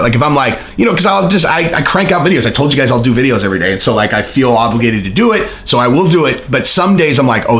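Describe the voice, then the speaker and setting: A man hosting his own vlog channel, talking in a chatty, rambling and excitable way. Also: mid-range voice. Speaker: channel host. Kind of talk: casual vlog commentary.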